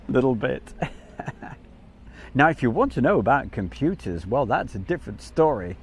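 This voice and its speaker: Chatty Midlands-accented man, lively pitch. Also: moderate pace, long pauses, a little hiss or hum. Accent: English Midlands. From English Midlands. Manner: chatty, rambling, self-deprecating. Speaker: livestream host. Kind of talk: casual live commentary.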